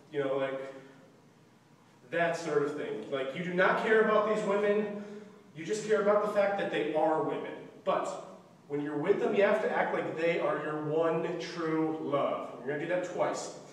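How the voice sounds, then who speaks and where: Young man, high voice, directing a play, casual, sings cues, distant mic in echoey hall. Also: slight background noise. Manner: casual, sings music cues, acts out lines. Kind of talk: explaining stage blocking.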